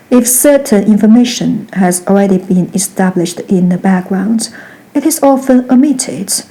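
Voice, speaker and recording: A woman giving a scripted grammar lesson, reading each example sentence twice, slowly and precisely. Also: medium pitch, warm tone, poor audio. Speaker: Mandarin teacher.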